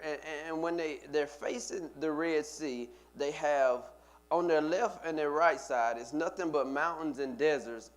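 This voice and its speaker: A male pastor preaching a sermon, building with emphatic, repeated phrases. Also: fairly high pitch. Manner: preaching with rising emphatic repetition.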